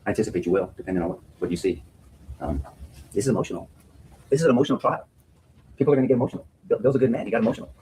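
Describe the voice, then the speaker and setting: Man lawyer talking super fast to a jury in a courtroom, keeps stumbling and repeating words, faint hum behind. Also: fairly low pitch, dark tone, poor audio. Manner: earnest, full of repeated words and restarts. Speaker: defense attorney. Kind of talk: courtroom opening statement to a jury.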